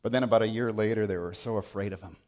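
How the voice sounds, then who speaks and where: A man's voice: fairly low pitch, fast, darkish tone. A man preaching a sermon as pastor, emphatic and repeating phrases for stress.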